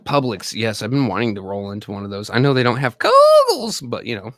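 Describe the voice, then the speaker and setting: A man in his thirties talks a little fast at a medium pitch, his fairly bright voice swinging hugely up and down. He's an army veteran hosting a live stream, chatting casually and profanely with viewers in a rambling way. Studio quality, no room sound.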